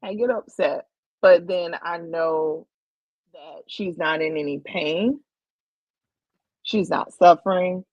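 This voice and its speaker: Woman guest, low voice, very slow and halting, dry close sound. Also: steady tone, darkish tone, no room sound, muffled recording. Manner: slow, halting, repeats words while searching for them. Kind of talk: emotional tribute conversation.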